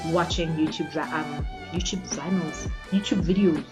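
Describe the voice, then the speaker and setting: Here is a chatty woman in a casual get-ready-with-me vlog, with a slightly low voice. She sounds giggly and playfully full of herself. Faint music plays under her talk. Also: steady tone, normal speed, few pauses, low-quality recording. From South Africa. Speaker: YouTuber.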